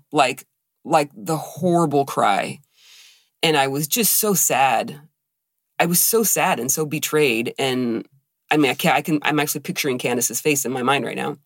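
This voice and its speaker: A woman's voice: very deep voice, vocal fry, dry recording, studio quality. A woman co-hosting a casual podcast, telling a personal story and acting out the quoted voices. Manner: animated, acts out quoted dialogue. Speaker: podcast co-host.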